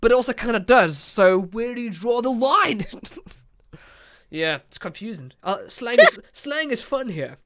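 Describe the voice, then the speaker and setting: A man's voice: very high voice, very animated, very noisy. A young South African man hosting a podcast, chatting in a jokey, rambling way. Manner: jokey, rambling, quick to laugh. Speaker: podcast host. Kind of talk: casual interview chat.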